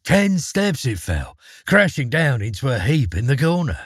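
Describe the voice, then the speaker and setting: Husky man narrating a fairy tale. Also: mid-range voice, dry recording, clean studio sound. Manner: expressive, measured storytelling. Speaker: storyteller.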